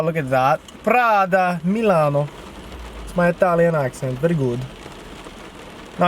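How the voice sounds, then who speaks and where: A young touring actor vlogs on a handheld action camera, chatting casually and swearing freely. His voice sits high, and there's a little hiss or hum in the recording.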